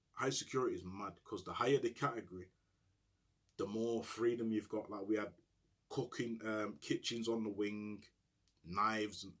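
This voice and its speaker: A man's voice: on the low side, breathy edge. A middle-aged man telling stories in casual street slang, often asking "you get me". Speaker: storyteller. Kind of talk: casual storytelling monologue.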